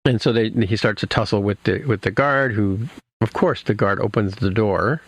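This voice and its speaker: Podcast host, male, low and gravelly, casual rambling recap with lots of ums. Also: moderate pace, no room sound. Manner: rambling, many fillers and restarts.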